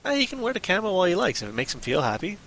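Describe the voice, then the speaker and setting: Male podcast host, excitable rambling talker, bright and lively. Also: high-pitched, rapid-fire. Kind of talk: casual chat.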